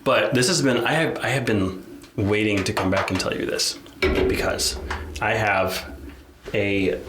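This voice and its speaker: A man co-hosting a podcast tells a personal story in a lowish, unhurried voice. His chat is casual and candid, full of restarts and "like," and the recording has a roomy echo with faint noise.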